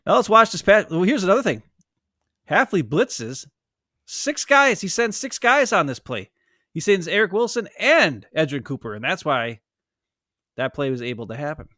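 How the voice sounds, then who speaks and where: A man co-hosting a casual sports chat, rambling and animated, breaking into goofy voices now and then. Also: fairly high pitch, moderate pace, no echo, studio quality. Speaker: podcast co-host. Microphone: home streaming setup.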